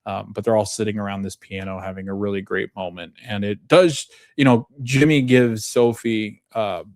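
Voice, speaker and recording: A man's voice: on the low side, steady tone, normal speed, a little mellow, no room sound, clean studio sound. A young adult man, a podcast host, casually recapping a TV episode and retelling its scenes in a loose, conversational way.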